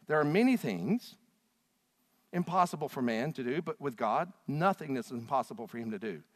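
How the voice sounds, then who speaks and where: A male pastor preaching with dramatic storytelling, his voice swinging from near shouts down to hushed lines. His voice sits a little high for a man. The sound carries a long reverb from a large hall. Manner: dramatic storytelling, acts out quotes with big swings in loudness. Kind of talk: sermon.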